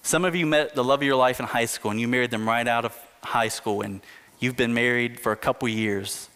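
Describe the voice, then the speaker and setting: Male pastor, mid-range voice, earnest sermon delivery with slowed emphatic phrases, reverberant hall sound. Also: medium pitch, steady tone, fairly bright tone, clear, resonant tone. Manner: earnest preaching, slows down and rises for emphasis.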